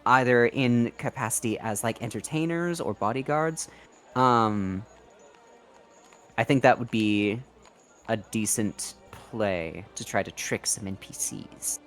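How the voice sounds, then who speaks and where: A man speaking as a player in a tabletop game, proposing plans in a relaxed, inclusive way. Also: medium pitch, slow, faint music behind.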